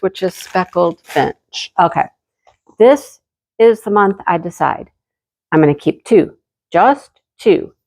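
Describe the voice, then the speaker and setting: Chatty woman vlogger unboxing yarn. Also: fairly low pitch. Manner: chatty, talks directly to viewers. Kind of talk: casual unboxing chat.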